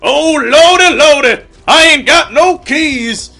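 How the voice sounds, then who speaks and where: A man's voice: vocal fry, pushed and bright, full character voice. A man putting on a Southern US accent to play a preaching male evangelist. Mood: preachy. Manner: booming, preachy, drawn-out.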